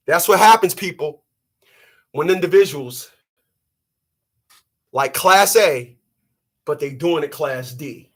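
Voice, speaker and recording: A man hosting his own channel, ranting and telling a story in a loud, emphatic, profane monologue. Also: fairly high pitch, expressive, slow, long pauses. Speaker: channel host.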